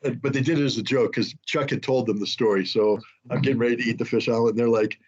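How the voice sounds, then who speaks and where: A man's voice: mid-range voice, fairly even intonation, fast, darkish tone, breathy edge. An American man telling a rambling, self-deprecating anecdote as an interview guest, with frequent restarts. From United States. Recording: dull lo-fi sound.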